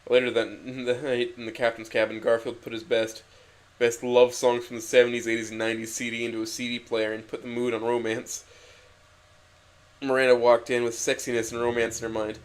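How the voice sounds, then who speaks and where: A man reading comic fan fiction aloud in an earnest, deadpan way. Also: medium pitch, fairly quick. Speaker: reader.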